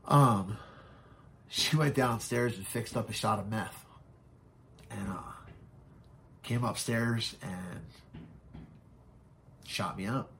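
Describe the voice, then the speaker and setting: Low gravelly man, frank storyteller. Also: a bit bright, a little hiss or hum. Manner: frank, swears often, halting with fillers. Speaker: podcast guest. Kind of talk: candid personal storytelling.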